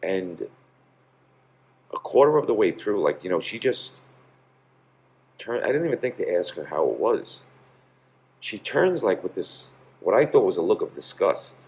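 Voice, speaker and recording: A man's voice: deep voice, big pitch swings, moderate pace, pauses often, a little mellow. A man, a pizzeria owner, telling stories in a casual interview, rambling with many fillers.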